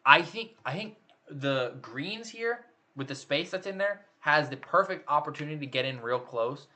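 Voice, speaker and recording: Bright-voiced man in casual chat. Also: on the high side, animated, normal speed. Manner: thinking aloud, hesitant with restarts and fillers. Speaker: channel host judging a photo contest.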